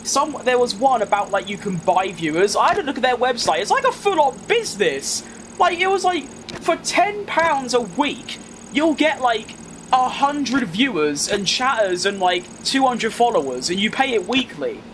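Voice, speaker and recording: A man's voice: very high-pitched, very animated, moderate pace, a bit bright, slight background noise. A young man with a London accent, talking casually while playing a racing game and reading his chat aloud in a wry, self-mocking way. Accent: London English. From England. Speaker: gaming streamer.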